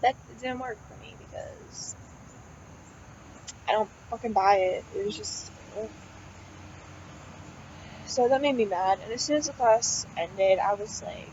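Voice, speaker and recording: This young adult college student has a dark, mid-range voice and a measured pace with long pauses as she vents in a rambling, casual way. She swears often and uses lots of "like" and "um," recorded lo-fi with slight background noise.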